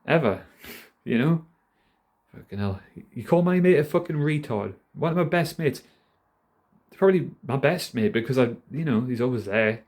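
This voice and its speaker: Animated and darkish in tone, this Geordie man's medium-pitched voice moves at normal speed. A vlogger in his thirties from North East England, he rambles self-deprecatingly to camera with plenty of swearing.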